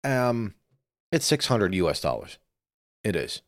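A man co-hosting a podcast in casual chat, with a very deep voice and a rambling, profane way of talking. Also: big pitch swings, a little slow, no echo, studio quality. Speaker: podcast co-host. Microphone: studio microphone.

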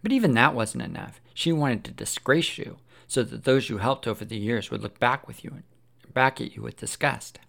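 A man putting on a gloating gravelly devil. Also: mid-range voice, lively intonation, moderate pace, fairly bright tone. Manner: sneering, sarcastic, gloating. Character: sly taunting male devil, Lucifer, mocking.

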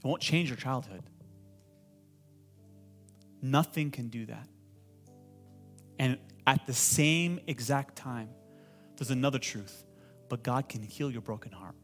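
Pastor guy preaching a sermon, gets the crowd to repeat stuff, soft music under it. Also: mid-range voice, slow pace, pauses often. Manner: builds from calm teaching to loud impassioned pleading; asks the congregation to repeat phrases. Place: church hall with congregation.

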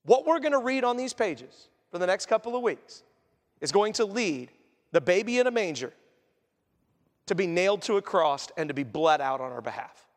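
A man preaching a sermon as pastor, animated and acting out quoted voices as he teaches. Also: high-pitched, normal speed. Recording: echoey hall reverb.

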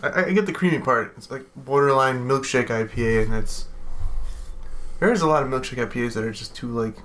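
A man's voice: mid-range voice, a little fast, fairly bright tone. Crude, joking man describing beers. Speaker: podcast co-host. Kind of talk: casual beer-tasting chat.

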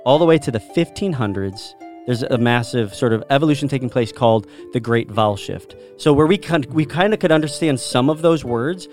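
A British man talks in an enthusiastic, lecturing way, pitched squarely in the middle. He keeps turning to his listeners with questions. Faint music plays underneath. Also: animated, a little fast, few pauses, a little mellow. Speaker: host explaining the history of English. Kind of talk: casual explanatory chat.

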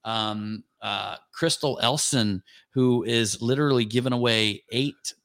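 A man hosting a casual chat, talking excitedly and rambling through long lists of names. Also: mid-range voice, a little slow, no room sound, studio quality. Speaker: podcast host.

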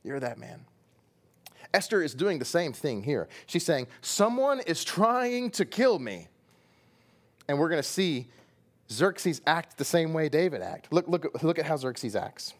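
A middle-aged pastor from Texas, with a Texan accent, preaches a sermon as an animated storyteller, acting out the story with voices and sound effects. His voice is fairly high and his pace moderate.

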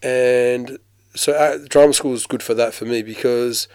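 A man who grew up in Australia, a working actor, telling his story in a casual interview with lively mimicry and frequent restarts. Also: mid-range voice, measured pace, clean tone, dry recording. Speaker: actor, guest.

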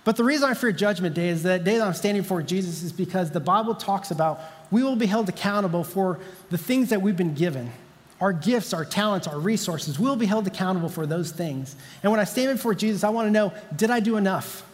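A man's voice: sits high, lively intonation, fairly quick, big-room sound. A male pastor preaching a sermon in a conversational, storytelling way, repeating key lines for emphasis.

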